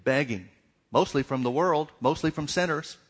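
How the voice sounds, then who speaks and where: A man's voice: a little high, normal speed. A middle-aged man preaching a sermon, asking repeated questions and acting out little dialogues. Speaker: pastor.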